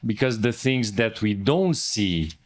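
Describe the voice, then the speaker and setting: A man's voice: fairly low pitch, expressive, unhurried. A man, a father, speaking earnestly and casually in a conversation, now and then adding "man". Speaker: father in a spiritual community.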